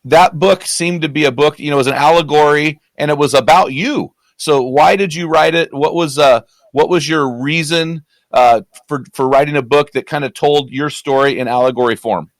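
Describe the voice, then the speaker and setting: A man's voice: fairly high pitch, normal speed, few pauses, no echo. A man hosting a podcast, asking questions and cheering his guest on. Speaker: podcast host. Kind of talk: interview questions.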